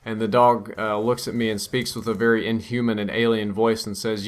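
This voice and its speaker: A man's voice: on the low side, level tone, fairly quick. A young man telling a strange dream over gameplay as a channel host, musing and wondering aloud.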